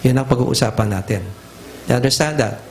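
A man's voice: mid-range voice, fairly quick. A middle-aged Filipino man preaching a teaching sermon, emphatic and repetitive, switching back and forth between languages. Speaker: pastor.

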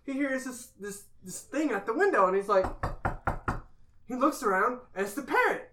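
Woman, tipsy, bright voice, a bit high, swearing, animated joke telling. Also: moderate pace, slight background noise. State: drunk. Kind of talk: casual joke telling among friends.

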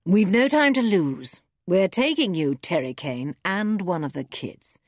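Woman playing a menacing male villain, curt, threatening, lowered pitch, audiobook. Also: big pitch swings, measured pace, no echo, clean studio sound.

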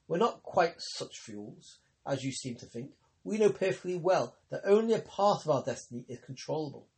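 A man voicing a grave, ironic young woman healer, speaking calmly and teasingly in an audiobook reading. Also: a little high, moderate pace. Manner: calm, teasing, persuasive.

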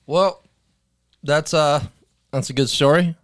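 A man's voice: on the high side, steady tone. Joking man hosting a podcast. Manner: joking, asks quick questions. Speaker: podcast host. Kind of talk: casual chat.

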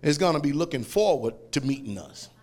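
A man preaching a fiery sermon, shouting and laughing as he tells stories. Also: a little high, a little fast. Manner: loud, shouting, laughing, animated storytelling.

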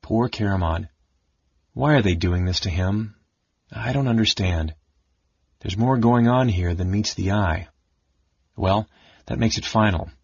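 A man voicing an excitable little male kender trapped as a mouse, talking in a high, eager, chatty way. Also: unhurried, creaky, pauses often, slightly rough, dry recording, distant mic, heavily acted. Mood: wondering. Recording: dull lo-fi audiobook recording.

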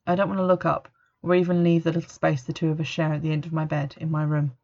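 Gravelly woman narrating a story. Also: sits low, level tone, fast, a little mellow. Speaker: audiobook narrator. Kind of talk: first-person story narration. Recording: dull lo-fi recording.

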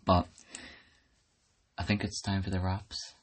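A man's voice: sits low, monotone, slow, slightly rough. A young man co-hosting a casual podcast, joking, laughing a lot and bossing his friend around. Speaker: podcast co-host. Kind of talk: casual chat. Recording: faint background noise.

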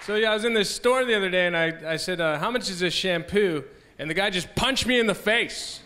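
A man's voice: high voice, fast, pushed and bright, some chatter behind. A man doing a stand-up comedy set on a festival stage, with a laid-back, rambling delivery and frequent restarts. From United States. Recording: live stage mic with background noise.

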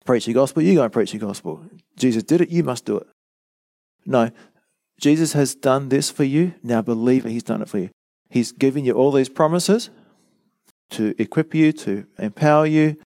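A man preaches in an earnest, teacherly way, driving each point home with repetition and rhetorical questions. His voice sits at an ordinary middle pitch. It sounds close and dry, with no room echo. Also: moderate pace, dark tone. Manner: earnest, explanatory, emphatic repetition. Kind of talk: teaching sermon.

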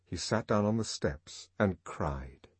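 A man narrating a novel in a measured, expressive audiobook reading. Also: lowish voice, breathy edge, no echo. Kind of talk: scripted narration.

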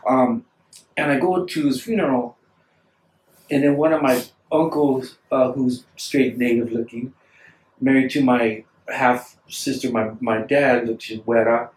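A man telling stories in casual chat, rambling and animated, acting out the voices of people he quotes. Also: mid-range voice. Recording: echoey room, distant mic.

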